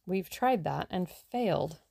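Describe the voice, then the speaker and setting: A woman's voice: lowish voice, lively intonation, slow pace, gravelly, dark tone, dry recording, heavily acted. A woman voicing a cheerful, dry-witted young man who teases his friend.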